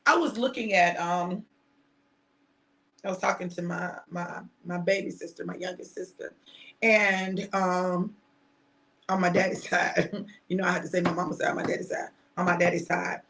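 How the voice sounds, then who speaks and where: A middle-aged woman preaching informally to her online audience, shouting and emphatic at times, then reflective and personal. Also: lowish voice, steady tone, normal speed. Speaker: preacher and host.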